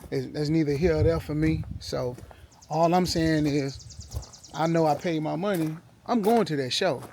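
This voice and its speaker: A man's voice: fairly high pitch, measured pace, a little mellow, a little hiss or hum. A man talking in a laid-back, rambling way for his car vlog, outdoors with dogs barking behind him. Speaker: car vlogger. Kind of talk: casual vlog talk.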